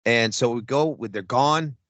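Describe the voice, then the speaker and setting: Speaking a little slowly in a mid-range voice, with no echo, this man co-hosts a podcast. He's animated and foul-mouthed in casual conversation, telling a meandering story and voicing his own quoted lines.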